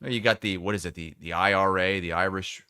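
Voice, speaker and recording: A man with a mid-pitched, bright, sharp voice co-hosts a casual sports podcast. He teases his partner with wry asides and fires off quick questions. The sound is dry and close. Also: steady tone, clean tone, no echo. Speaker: podcast co-host.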